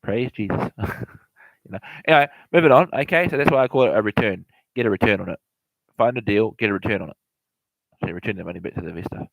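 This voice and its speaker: Fast-talking man who stumbles and repeats himself, casual real estate explainer in a dry, close sound. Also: lowish voice, creaky, dry recording, low-quality recording. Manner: repetitive, stumbling, laughs often.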